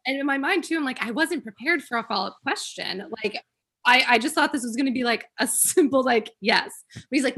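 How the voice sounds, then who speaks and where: A woman's voice: high-pitched, animated, brisk, a bit bright, slightly rough. A woman guest on a podcast, telling a dating story with giggles and quoting herself. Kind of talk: casual storytelling chat.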